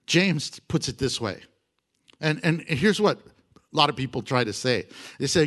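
Lively high-voiced male preacher. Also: unhurried, pauses often. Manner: animated preaching with laughs and acted quotes. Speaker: pastor. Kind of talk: sermon.

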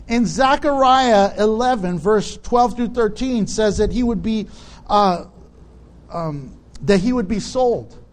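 High-voiced man preaching a sermon. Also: a little mellow. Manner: conversational preaching with rhetorical questions. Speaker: pastor.

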